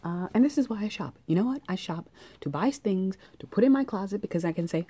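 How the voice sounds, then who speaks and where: A woman's voice: medium pitch, lively intonation, quick pace, mellow, breathy edge. A young woman vlogging her outfits in casual chat, annoyed and ranting, with many fillers and restarts.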